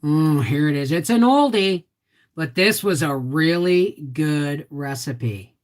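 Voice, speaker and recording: Canadian woman, low voice, casual livestream host chatting with her viewers. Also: expressive, slow pace, darkish tone. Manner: chatty, reads viewer comments aloud and answers them.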